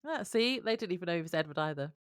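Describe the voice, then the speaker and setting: A woman's voice: fairly low pitch, animated, rapid-fire, clear, resonant tone, no echo, studio quality. A woman co-hosting a podcast in casual chat, laughing often and trailing off mid-thought. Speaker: podcast co-host.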